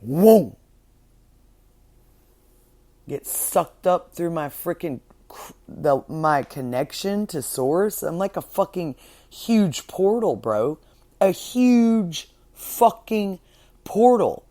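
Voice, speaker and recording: A woman's voice: low voice, expressive, slow, dark tone. A woman hosting a spiritual podcast monologue, talking fervently and self-assuredly, swearing heavily and repeating words for emphasis. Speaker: podcast host.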